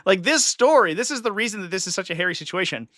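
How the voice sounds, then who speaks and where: Quick and expressive, this live-stream host's voice sits high with a bit of brightness. He chats and opines casually, now and then mimicking other people's voices, and the audio is clean studio sound without echo.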